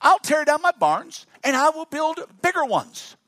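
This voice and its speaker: A man voicing a boastful rich farmer who gloats over his wealth in a raised, excited, self-satisfied way. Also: extremely high pitch, a little slow, no room sound, studio quality, voice pushed up, exaggerated voice. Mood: gloating.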